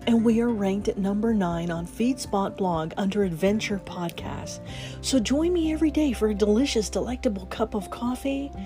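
A woman hosting a casual morning podcast, bubbly and quick to laugh. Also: over music. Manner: bubbly, laughs often, talks to her dog in a high baby voice. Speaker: podcast host.

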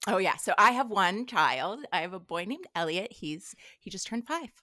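Bright, lively woman telling parenting stories. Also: medium pitch, moderate pace, dry recording, studio quality. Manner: animated storyteller who acts out her child's lines. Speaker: podcast guest. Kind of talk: casual chat.

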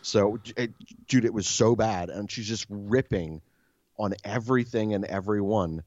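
A man casually telling a story as a podcast host, animated and exasperated, swearing often. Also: on the low side, unhurried, no room sound, muffled recording.

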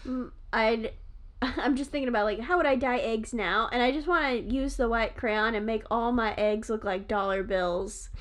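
High-voiced woman in playful podcast banter. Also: normal speed. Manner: playful and rambling, swears, laughs often. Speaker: podcast co-host. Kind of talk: casual chat.

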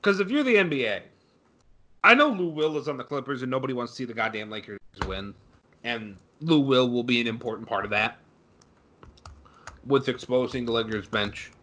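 A man's voice: medium pitch, normal speed, long pauses, pushed and bright. Young man, podcast co-host, sarcastic, ranting, cussing, casual sports chat. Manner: sarcastic, ranting, swears freely.

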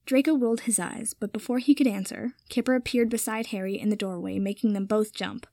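A woman's voice: medium pitch, fairly even intonation, brisk, gravelly, few pauses, mellow, no room sound, clean studio sound. A young woman reading fan fiction aloud, narrating the story and then signing off with chatty, rambling asides. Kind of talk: storybook narration with a casual sign-off.

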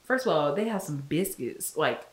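A woman co-hosting a podcast, chatting loosely and profanely with quick reactions. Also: low voice, animated. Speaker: podcast co-host. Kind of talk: casual chat. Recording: roomy echo.

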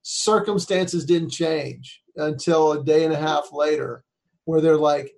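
A man telling a personal, faith-based story in an earnest, conversational way, acting out the people he quotes and growing softer as he nears tears. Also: a little high, fairly even intonation, measured pace, creaky. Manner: earnest, acts out quoted voices, softens when emotional. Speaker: speaker. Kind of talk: storytelling talk.

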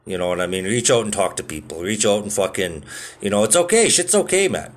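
A man in his thirties with a fairly low voice rambles through casual stories. He swears constantly and fills his talk with "like" and "you know". His delivery is easygoing and unpolished. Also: very animated, brisk. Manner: laid-back, swears a lot, lots of filler words. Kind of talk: casual monologue.

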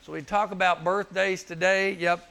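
Man, youth sermon, high voice, gravelly edge, animated storytelling. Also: moderate pace. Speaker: youth speaker.

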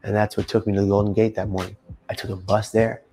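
A low-pitched man in his thirties delivers a personal testimony with intense emphasis, pushing into loud, forceful bursts. A faint hiss sits under his voice. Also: level tone, quick pace. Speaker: storyteller.

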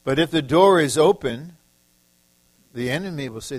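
A man's voice: fairly high pitch, animated, moderate pace, husky, dry recording, rough recording. A man from the Detroit area preaching a sermon, emphatic and repetitive, acting out short quoted lines. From Detroit area, USA.

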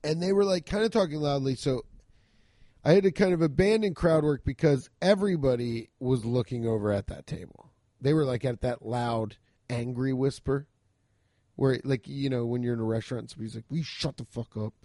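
A man, a stand-up comic, casually telling a profane story about a rough show, acting out both sides of the exchanges. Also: medium pitch, normal speed, dry recording, clean studio sound. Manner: profane, animated retelling with quoted exchanges. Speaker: stand-up comedian.

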